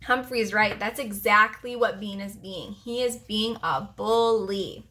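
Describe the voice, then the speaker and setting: Reading aloud from a children's chapter book, this woman brings expressive storytelling to her preschool class. She speaks at a medium pitch and a little slowly.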